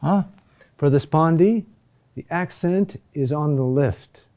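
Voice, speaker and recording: A man teaching a recorded lesson on chant rhythm, talking deliberately with pauses and "huh?" checks. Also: fairly high pitch, dark tone.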